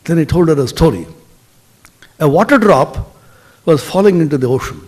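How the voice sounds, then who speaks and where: A man giving a spiritual lecture, telling stories expressively and dropping to soft tones for emphasis. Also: a little high, animated, moderate pace.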